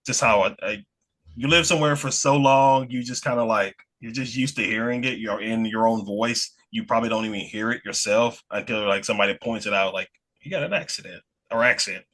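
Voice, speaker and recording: A man's voice: lowish voice, fairly even intonation, brisk, fairly bright tone. A man from Alabama with a Southern American accent, chatting casually as a podcast guest and rambling with many restarts. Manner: rambling, with frequent restarts and laughs. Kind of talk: casual chat.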